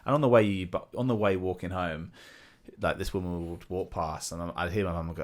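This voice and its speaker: A man's voice: deep voice, brisk. A British man co-hosting a podcast, telling rambling stories in casual chat and acting out the people he quotes. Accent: British English. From Britain. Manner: rambling storyteller who acts out quoted people. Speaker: podcast co-host.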